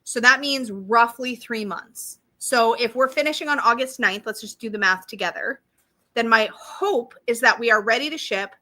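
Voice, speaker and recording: A bubbly woman with a lilt hosts a casual live stream, chatting with viewers as she goes. Her voice sits a little high and has a bright, forceful edge. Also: moderate pace. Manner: bubbly, chatty, reads viewer comments aloud. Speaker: creator hosting a live launch stream.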